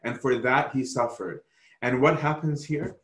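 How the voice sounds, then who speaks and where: A man preaching a sermon slowly and emphatically, often pausing to ask "right?". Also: medium pitch, a bit bright, roomy sound. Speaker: pastor.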